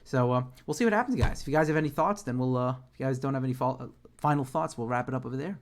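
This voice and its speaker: A man hosting a sports podcast, rambling casually and trailing off quietly at the end of his thoughts. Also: medium pitch, racing. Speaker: podcast host.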